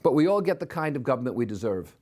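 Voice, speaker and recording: A man's voice: medium pitch, big pitch swings, quick pace, darkish tone. An older man with opinions, delivering a scornful commentary monologue as a podcast host, full of rhetorical questions.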